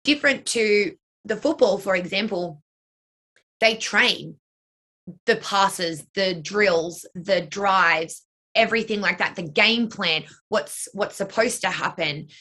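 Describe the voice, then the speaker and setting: A woman's voice: mid-range voice, takes it slowly, pushed and bright. A young woman, a dance and cheer coach and choreographer, answering interview questions in a chatty way, full of "like" and "you know".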